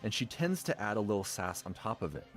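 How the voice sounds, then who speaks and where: A man's voice: fairly low pitch, very animated, quick pace, loud music behind the voice. A man narrating a video essay from a script, with a dramatic storytelling delivery.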